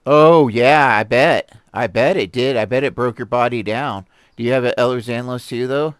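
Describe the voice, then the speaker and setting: A man hosting a stream and reading articles aloud, rambling and animated, with many fillers, restarts and laughs. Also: mid-range voice, moderate pace, clear, resonant tone, no echo, clean studio sound. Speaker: host reviewing articles. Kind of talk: casual commentary on a live stream. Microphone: desk mic with a stream deck.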